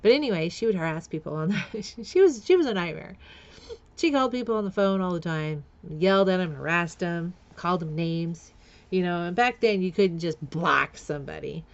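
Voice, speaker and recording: A woman's voice: lowish voice, lively intonation, normal speed, lo-fi sound. A middle-aged woman telling a personal story on her vlog, candid and blunt, often laughing between lines. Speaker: vlogger.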